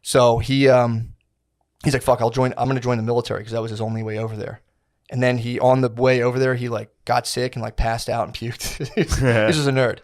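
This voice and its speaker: A man of middle pitch co-hosts a podcast, telling a story in loose, slangy chat. He swears freely and drops into little voices for the people he describes. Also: level tone, brisk. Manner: rambling, slangy, profane, acts out quotes. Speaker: podcast co-host.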